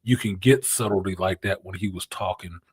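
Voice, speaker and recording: A man hosting a casual pop-culture chat, animated and profane, with a husky voice. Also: sits low, a little fast, no echo. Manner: animated, profane, puts on voices when quoting. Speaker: podcast host.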